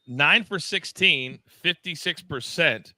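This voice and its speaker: A man hosting a live sports betting show, talking in an excitable, loud, self-deprecating way. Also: fairly high pitch, takes it slowly, no room sound. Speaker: host.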